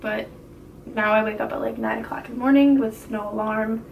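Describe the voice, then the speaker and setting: A chatty young woman talks through a casual vlog update in a fairly high voice, rambling with fillers and breaking into giggles. The mic sits a little away from her, with faint noise behind. She keeps a loose, friendly tone. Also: fairly even intonation, moderate pace, gravelly, distant mic, rough recording. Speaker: vlogger sharing a pregnancy update. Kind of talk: casual chat.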